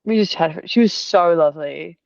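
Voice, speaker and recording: Low-voiced young woman rambling on a call. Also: normal speed, gravelly, a little mellow, no room sound. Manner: rambling, many fillers like "like". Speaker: artist sharing in a group call. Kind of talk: casual emotional storytelling. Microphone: video call. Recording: dull, lo-fi video call audio.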